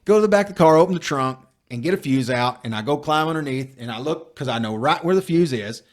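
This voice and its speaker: A man's voice: on the high side, fast talker. A man, telling a long story on a casual podcast, swearing freely and acting out the other people in it. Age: 40s. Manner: profane, animated storyteller. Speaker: podcast host.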